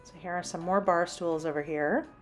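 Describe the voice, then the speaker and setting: Woman, low-pitched, casual shopping vlog, chatty price rundown, faint store music behind. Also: fairly even intonation, normal speed. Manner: chatty, lists prices while browsing. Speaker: shopping vlogger. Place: inside a large home improvement store.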